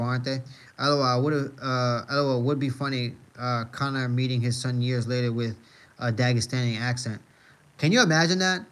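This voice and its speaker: On a casual live stream, a man with an ordinary middle pitch reads messages out loud. He wanders and repeats himself, saying "uh" and "you know what I mean" constantly, swearing freely in a laid-back, joking way.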